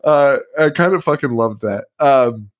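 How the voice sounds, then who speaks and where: A man's voice: medium pitch, lively intonation, a little slow. A man co-hosting a horror movie podcast, casually recapping the plot with lots of swearing and laughter. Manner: profane, laughing, recounts plot with put-on quotes. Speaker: podcast co-host.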